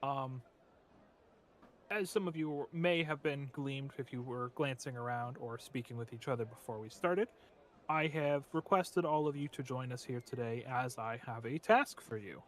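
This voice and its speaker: A man's voice: medium pitch, lightly acted. A man playing a businesslike guild leader. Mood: briefing. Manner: measured, briefing.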